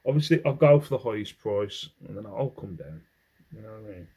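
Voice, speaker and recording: A man's voice: lowish voice, expressive, fairly quick, warm tone, breathy edge, low-quality recording. An English man in a casual haul vlog, rambling as he goes through his finds and humming to himself between items. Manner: rambling, hums while sorting items. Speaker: clothing reseller.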